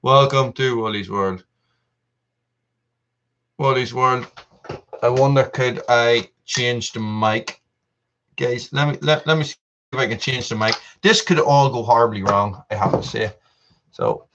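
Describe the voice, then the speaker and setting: A man hosts a live stream from an upstairs room at home, rambling in a self-mocking way and breaking into laughs. His voice sits at an ordinary middle pitch for a man, and he keeps fiddling with his camera mic and desk mic as he talks. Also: unhurried, long pauses, lo-fi sound, noisy background. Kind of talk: casual live stream chat with viewers. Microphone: testing camera mic and desk mic.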